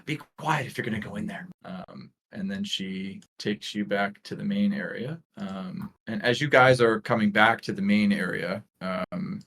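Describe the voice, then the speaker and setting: A man's voice: on the low side, a bit bright. A man running a tabletop game as game master, narrating hesitantly with many fillers.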